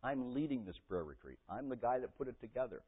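A man preaching a sermon and telling a personal story with strong emotion, his voice swinging from loud and intense to quiet and soft. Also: medium pitch, sing-song, fast, slightly rough. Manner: emotional storytelling, rising to near-shouting. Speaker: pastor. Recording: tinny phone-like audio.

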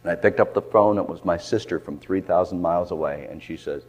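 A man's voice: low voice, brisk. Impassioned older male preacher. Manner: impassioned, swinging from loud fervent cries to hushed near-whispers. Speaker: pastor. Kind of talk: sermon.

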